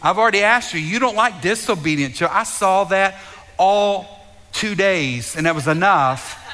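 Fervent high-voiced man preaching in a hall. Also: expressive, moderate pace, pushed and bright. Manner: fervent, repeats words, speaks straight to the congregation. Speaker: pastor. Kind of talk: sermon. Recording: long reverb of a large hall.

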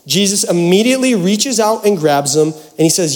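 A man's voice: a little high, a little fast, hardly any pauses, darkish tone. A man preaching a sermon, casual and joking as he talks straight to the congregation. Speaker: pastor.

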